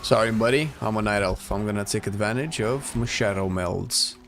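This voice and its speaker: A man's voice: lowish voice, normal speed, a bit bright. A man casually commenting on his gameplay as a streamer, chatty and laid-back, answering his chat. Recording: faint music under the voice. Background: faint game music.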